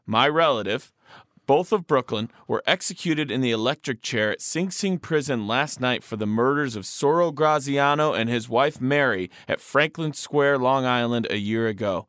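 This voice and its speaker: Animated joking man reading letters. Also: medium pitch, moderate pace, no room sound, studio quality. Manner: animated, joking, reads with playful emphasis. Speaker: podcast co-host. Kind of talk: casual chat, reading listener letters aloud.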